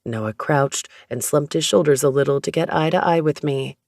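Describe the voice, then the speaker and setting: An audiobook narrator reading a first-person romance story in a steady, even storytelling manner. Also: medium pitch, moderate pace, vocal fry, no echo, clean studio sound.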